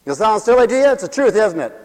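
High-voiced man preaching in a reverberant hall. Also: big pitch swings, quick pace. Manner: theatrical, swings from hushed asides to shouting, acts out little scenes. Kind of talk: animated comic sermon.

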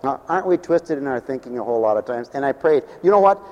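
A man preaching a sermon as pastor, swinging between loud declarations and hushed, low storytelling. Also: lively intonation, quick pace, big-room sound, highs cut off.

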